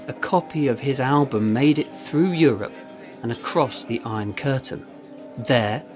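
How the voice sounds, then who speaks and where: A man narrating a story in a steady, measured reading voice. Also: medium pitch. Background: faint guitar music.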